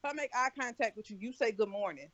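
A woman with a Southern US accent, co-hosting a casual podcast chat, blunt and animated as she tells stories and acts out what people said. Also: on the high side, quick pace. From Southern United States. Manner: blunt, animated storyteller acting out quotes. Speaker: podcast co-host. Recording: dull lo-fi sound.

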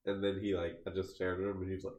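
A man's voice: deep voice, completely flat delivery, racing, darkish tone, echoey room. A man co-hosting a podcast, telling a story in casual chat, rambling and filling his sentences with "like.". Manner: rambling, heavy use of "like" fillers, restarts mid-sentence. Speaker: podcast co-host.

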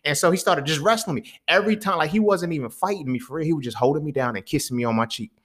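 Animated, profane young man telling stories. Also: rapid-fire, husky. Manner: animated, profane slang, swings from low mutters to loud bursts. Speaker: podcast host. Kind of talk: casual storytelling monologue.

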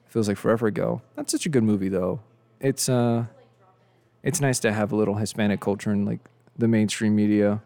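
A young man chats through his podcast in a low, gravelly voice that sounds dark and mellow. He rambles and pokes fun at himself, and he sounds worn out from too little sleep. The recording is dry. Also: fairly even intonation, a little fast, dry recording. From of Mexican descent. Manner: rambling, joking, self-deprecating. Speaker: podcast host. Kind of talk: casual solo podcast chat.

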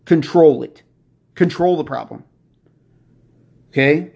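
An excitable man with a somewhat raised pitch delivers a motivational podcast monologue, preaching with rising fervor. The recording sounds dull and lo-fi. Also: slow pace, vocal fry, husky. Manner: excitable and preachy, works himself up. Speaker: podcast host.

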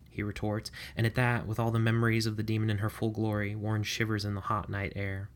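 A man narrating a story in a steady, even reading voice. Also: fairly low pitch, fairly quick, few pauses.

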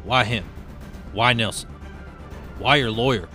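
A man's voice: deep voice, unhurried, fairly bright tone, soft background music. A man voicing a troubled, weary male police detective who broods over his doubts. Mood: pleading.

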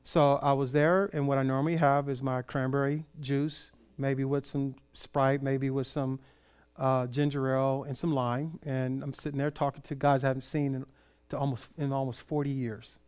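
A man's voice: medium pitch, normal speed, clean tone. A middle-aged man from California, a pastor telling a story in a sermon and acting out the voices of the people he met. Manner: animated storyteller, acts out quoted voices.

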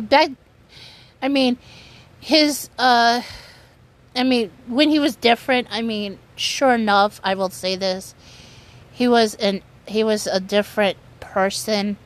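A woman giving casual commentary on online news in an earnest, halting way, often restarting her sentences. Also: mid-range voice. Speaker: commentary vlogger.

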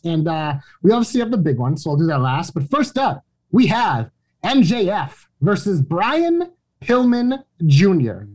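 A man hosting a wrestling podcast, loose and casual, swearing and running through plugs. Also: high voice.

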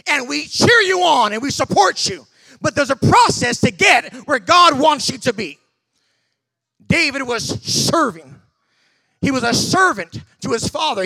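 A male pastor preaches with emphatic, shouted bursts and frequent repeated words. His voice sits very high, bright and gravelly, and the recording is close and dry. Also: no room sound. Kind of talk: sermon.

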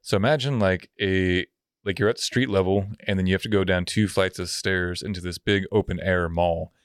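A man's voice: low-pitched, steady tone, normal speed, clean tone, no echo, clean studio sound. A man co-hosting a podcast, telling a story in casual chat, swearing freely and laughing often. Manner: profane, laughs often, acts out quoted voices. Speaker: podcast co-host.

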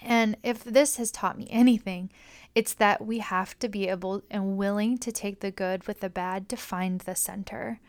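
Woman at a middle pitch, earnest and gentle, reflective self-help monologue with hushed asides. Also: steady tone, moderate pace.

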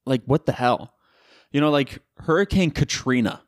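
A young man from Florida hosts a casual solo podcast at home, sitting in a room by a window during a hurricane. He jokes, swears, and chats in slang in a mid-range voice at a moderate pace, and the recording is dry and studio quality.

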